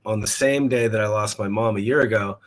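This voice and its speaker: A man with a fairly low voice talks casually as a guest on a podcast. He pauses and repeats words as he gathers his thoughts. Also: poor audio. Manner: halting, repeats words while thinking. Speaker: guest musician. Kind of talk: casual interview chat.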